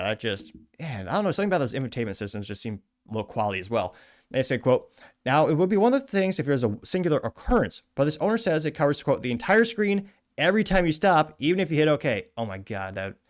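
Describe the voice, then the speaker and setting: A man hosting a show, reading out a news article and adding wry, chatty asides in casual commentary. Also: medium pitch. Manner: wry, chatty, quick asides and self-corrections. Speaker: show host.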